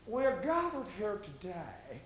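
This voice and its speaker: A man playing a solemn male college dean who makes a drawn-out, preachy speech in an echoey room. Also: high-pitched, wildly swooping pitch, slight background noise, full character voice.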